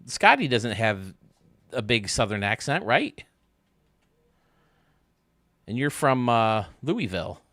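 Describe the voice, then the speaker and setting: A man's voice: medium pitch, big pitch swings, takes it slowly, pauses often, sharp tone, no room sound, studio quality. A man streaming a baseball game, rambling and joking casually with his chat. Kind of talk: casual chat while playing.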